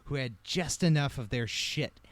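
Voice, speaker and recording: A man telling a comedic history story on a podcast, wry and profane, with lively delivery. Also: medium pitch, normal speed.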